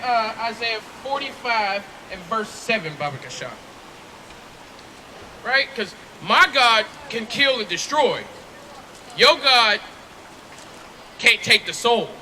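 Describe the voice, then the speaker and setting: A man street preaching outdoors, loud and confrontational, firing rhetorical questions at passersby. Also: very high voice, sing-song, unhurried, long pauses, rough recording. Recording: street noise behind.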